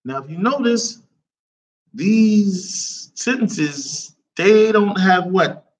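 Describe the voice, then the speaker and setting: A man's voice: high-pitched, animated, very slow. A man teaching an Arabic lesson who keeps checking on his class with repeated questions, reading phrases aloud and then explaining them in English.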